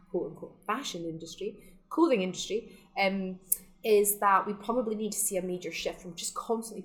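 Over poor audio, a woman with a fairly low voice chats enthusiastically and laughs often in a casual interview. She runs a sustainable fashion shop and is speaking from her shop in the Scottish Highlands.

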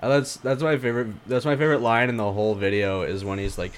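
A man's voice: mid-range voice, steady tone, fast talker, a little hiss or hum. A man in casual comedy chat, riffing on bits and laughing often.

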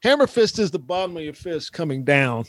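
A man's voice: fairly high pitch, very animated, a little fast, dry recording. A man hosting a casual podcast, teasing his guest and laughing often. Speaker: host.

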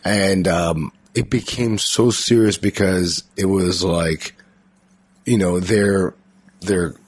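A man's voice: low-pitched, fairly even intonation, slow, breathy edge, no echo. A man in a casual podcast chat, rambling and crude, swearing often.

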